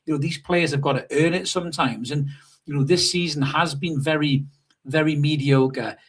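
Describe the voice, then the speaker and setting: Husky-voiced sweary man chatting football. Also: on the high side, normal speed. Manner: sweary, animated storytelling with mimicked shouts. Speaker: podcast co-host. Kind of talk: casual live fan chat. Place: hotel room. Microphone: remote call over hotel Wi-Fi.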